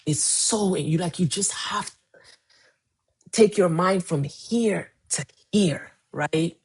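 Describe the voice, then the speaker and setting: Speaking slowly in a husky voice on the low side, a woman in her forties coaches weight loss over a casual phone livestream. She is emphatic and keeps repeating key phrases.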